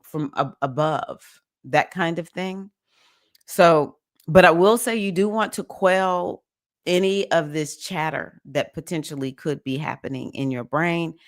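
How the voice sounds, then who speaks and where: Low-voiced chatty woman on a livestream. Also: no echo, studio quality. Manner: emotional, chatty, greets viewers by name. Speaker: livestream host, astrology reader. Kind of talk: casual livestream chat.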